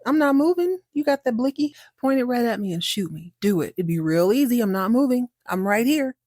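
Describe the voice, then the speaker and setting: A woman's voice: on the high side, expressive, brisk, darkish tone, dry recording, clean studio sound, pitched above the performer's own voice. A woman doing an icy soap matriarch. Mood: taunting. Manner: cool and taunting.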